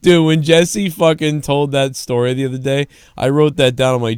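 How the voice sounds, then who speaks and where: A man's voice: mid-range voice, fairly quick, few pauses, smooth, no room sound, clean studio sound. A young adult man chatting crudely on a live show, tired and drunk, rambling and swearing with lots of laughs. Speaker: podcast co-host. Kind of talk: crude casual banter.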